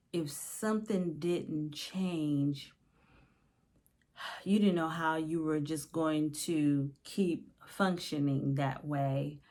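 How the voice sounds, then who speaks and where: A middle-aged woman life coach reflecting on her faith and reading her journal prayers, slow and confiding, her voice sinking to a whisper at times. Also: lowish voice, darkish tone.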